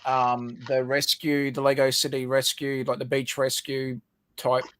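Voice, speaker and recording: A man's voice: medium pitch, completely flat delivery, a little slow, a bit bright, a little hiss or hum. An Australian man co-hosting a livestream, rambling and giggling, with lots of ums and restarts. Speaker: livestream co-host. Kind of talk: casual chat.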